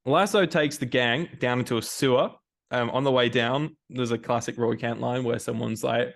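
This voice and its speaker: An Australian man hosting a casual recap podcast. He talks in a loose, rambling way, full of slang and the odd swear word, at an ordinary middle pitch. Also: moderate pace, gravelly. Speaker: podcast co-host.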